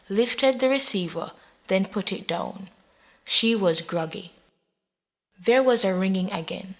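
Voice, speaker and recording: A woman narrates an audio story at a very slow, unhurried pace. Her reading is measured and dramatic, with a middle-pitched voice.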